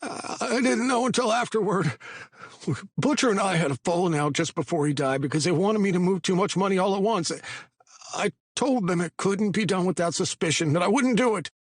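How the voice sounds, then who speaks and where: A man voicing a frightened male money launderer who stammers in a high, shaky voice. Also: expressive, fairly quick, husky, no echo, studio quality.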